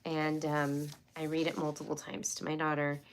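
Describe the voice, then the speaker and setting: A woman's voice: sits low, monotone, normal speed, slight background noise. Chatty, rambling woman streaming live. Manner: chatty, rambling with many fillers and restarts. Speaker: homeschool livestream host. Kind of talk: casual live-stream chat.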